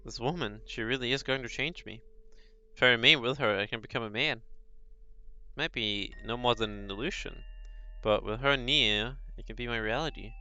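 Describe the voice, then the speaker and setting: A man reading a visual novel aloud, voicing a brooding male beast who longs to be human, slow and solemn with pauses. The sound is slightly dull and lo-fi. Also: mid-range voice, bright, forceful tone, clear, resonant tone, pitched below the performer's own voice.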